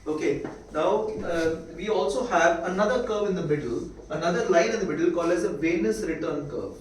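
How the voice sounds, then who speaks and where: Man lecturing, indian english accent, high voice, repeats himself, roomy classroom, mic far off. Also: animated, a little hiss or hum. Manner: repetitive, checks understanding with quick questions. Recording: echoey room, mic far off.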